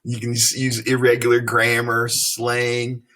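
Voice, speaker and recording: A man's voice: medium pitch, completely flat delivery, measured pace, bright, forceful tone. A man from Tennessee with a Southern accent, teaching a reading lesson in a folksy way and asking leading questions. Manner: folksy, explains then asks leading questions.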